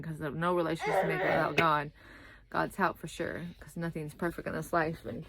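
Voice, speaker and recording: A sleepy young woman rambles through a casual vlog in a lowish voice, looping back with "like I said" as she jumps between thoughts. A faint hiss of noise sits under the recording. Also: fairly bright tone. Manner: chatty, repeats "like I said", drifts between topics. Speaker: vlogger.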